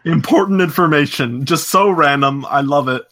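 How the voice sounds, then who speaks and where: A man with a bright, forceful and fairly high voice co-hosts a laid-back podcast. He teases his partner in quick banter and reads listener mail aloud. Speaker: podcast co-host. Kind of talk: casual chat.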